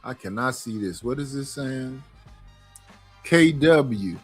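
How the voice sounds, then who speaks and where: A man on a livestream reads out viewer comments. He talks slowly and without hurry. His pitch is ordinary. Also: lively intonation, husky, dry recording, soft background music. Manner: slow, unhurried, reading comments aloud. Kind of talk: casual livestream chat.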